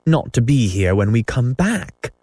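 A man's voice: medium pitch, sing-song, unhurried, warm tone, breathy edge, dry recording, pitched above the performer's own voice. A man voicing an eager, somewhat bossy boy who exclaims and suggests plans in a storybook reading.

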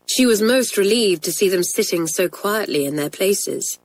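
Woman reading a kids' story, mid pitch, measured and expressive. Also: poor audio. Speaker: narrator.

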